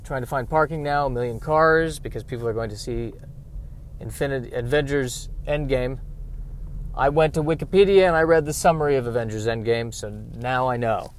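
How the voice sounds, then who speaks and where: A man hosting a solo comedy podcast from his car, wry and self-deprecating, breaking into loud exasperated rants. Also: medium pitch, a little fast, slight background noise. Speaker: podcast host. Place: in a car while driving and parking.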